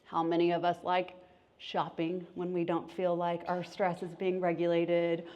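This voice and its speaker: A woman's voice: on the low side, completely flat delivery, measured pace, a little mellow, lo-fi sound. A woman, a therapist and life coach, giving an educational talk, asking the audience questions and acting out little voices.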